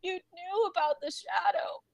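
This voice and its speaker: A broken, drunken bearded man sobs and begs for forgiveness, as a woman acts him out. His voice cracks and wavers between whispers and cries, pitched high and drawn out slowly. The sound is close and dry. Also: very animated, vocal fry, a bit bright, dry recording, exaggerated voice. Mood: sobbing. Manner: sobbing, pleading, voice breaking.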